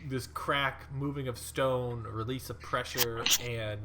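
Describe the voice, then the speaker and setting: A man's voice: medium pitch, steady tone, slow, very noisy. A man narrating as dungeon master, rambling with fillers and frequent laughs. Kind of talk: narrating a tabletop game.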